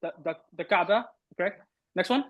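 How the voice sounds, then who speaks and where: Husky-voiced man teaching Arabic. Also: high voice, brisk, a bit bright, rough recording. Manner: corrective, repeats words, quizzes students. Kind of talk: online class teaching.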